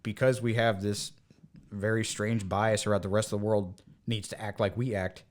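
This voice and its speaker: A man's voice: lowish voice, normal speed. A man from the United States in casual podcast chat, telling stories animatedly and acting out the voices of the people in them. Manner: animated storyteller, acts out quoted voices. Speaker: podcast co-host.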